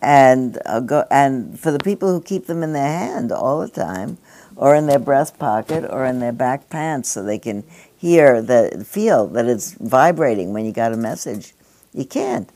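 An older woman with a strikingly deep voice speaks to a gathering. She muses and digresses, and often slips into chatty asides. The tone is reflective and unhurried. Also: lively intonation, dark tone, slight background noise. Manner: rambling, digressive, with conversational asides. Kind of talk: reflective spoken address.

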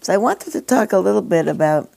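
A woman's voice: medium pitch, animated, fast talker, creaky, warm tone. An older woman giving a reflective spoken address to a gathering, rambling and digressive, with conversational asides.

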